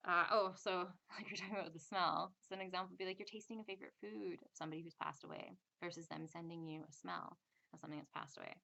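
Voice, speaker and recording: A woman's voice: on the low side, gravelly, bright, forceful tone, muffled recording. A woman giving a casual spiritual lesson, chatty and acting out little inner voices in quotes. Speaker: spiritual teacher. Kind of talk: casual teaching monologue.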